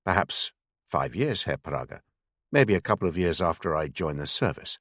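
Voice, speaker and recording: A man's voice: low voice, lively intonation, normal speed, fairly bright tone, no room sound, studio quality. A man reading a younger male intelligence officer who answers his boss politely in an audiobook. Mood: deferential. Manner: polite, deferential to superior.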